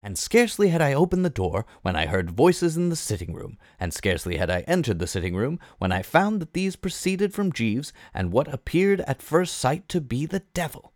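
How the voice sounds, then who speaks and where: A man reading a comic novel aloud, lively and expressive in his storytelling. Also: mid-range voice, moderate pace, hardly any pauses, no echo, clean studio sound. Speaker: reader.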